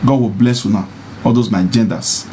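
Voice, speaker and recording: A man with a Nigerian Pidgin accent preaching about marriage to men in a monologue. He repeats his points and rises into high mocking taunts. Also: steady tone, moderate pace, noisy background. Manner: insistent and repetitive, mocking, rising to high taunts. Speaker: social media personality.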